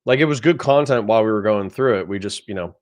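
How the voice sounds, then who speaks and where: Rambling, sleepy livestream host. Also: male voice, lowish voice, quick pace, darkish tone. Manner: rambling, chatty, self-deprecating. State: sleepy, yawning. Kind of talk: casual livestream chat.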